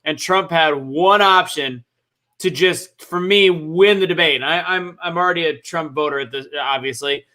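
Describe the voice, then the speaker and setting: Bright-voiced man arguing politics. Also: a little high. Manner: frustrated, halting restarts. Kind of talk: heated political discussion.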